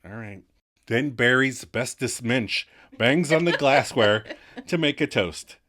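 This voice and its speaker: A man's voice: mid-range voice, slow pace, fairly bright tone. A young adult man co-hosting a casual rewatch podcast, making sarcastic jokes and swearing casually. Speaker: podcast co-host.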